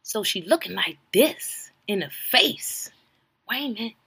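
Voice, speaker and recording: A woman hosting a podcast, giving a casual comedic recap, animated and profane, swinging from loud exclamations to hushed asides. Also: mid-range voice, unhurried, gravelly, slight background noise. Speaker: podcast host recapping a reality show.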